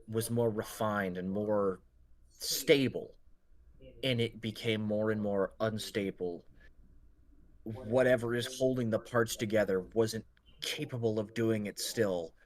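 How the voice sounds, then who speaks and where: A man narrating as game master in a tabletop role-play, describing scenes in a slow, measured way. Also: fairly low pitch, steady tone.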